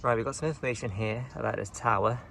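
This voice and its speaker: Quick-paced and creaky, this vlogger's mid-range, slightly bright voice holds a steady tone as he chats to his camera on a hill walk. He mutters asides to himself, traffic is nearby, and there's a little hiss or hum.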